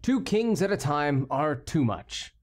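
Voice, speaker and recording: Audiobook king: impatient and moody, slow and languid, as read by a man. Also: a little high, big pitch swings. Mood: wry. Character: moody male king, impatient yet easily amused.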